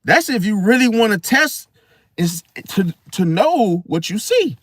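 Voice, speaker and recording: A man's voice: very high-pitched, measured pace, no echo. A man hosting an astrology channel, telling rambling stories in casual slang, recorded close and dry. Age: adult, once married. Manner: slangy, rambling, animated storyteller. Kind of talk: casual storytelling monologue.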